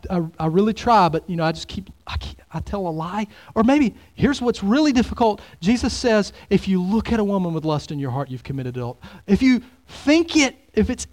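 High-voiced pastor preaching. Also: male voice. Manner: animated, swings from loud exclamations to hushed near-whispers. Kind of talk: sermon.

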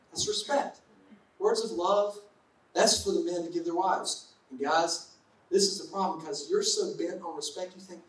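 Man, pastor, sermon, playful asides, high voice, echoey hall, distant mic. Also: expressive, normal speed. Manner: conversational, playful asides to the congregation.

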